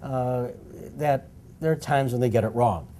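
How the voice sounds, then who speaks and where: A man's voice: medium pitch, a little slow, dark tone, a little hiss or hum. Man asking long rambling questions. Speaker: interview host. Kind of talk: interview questions.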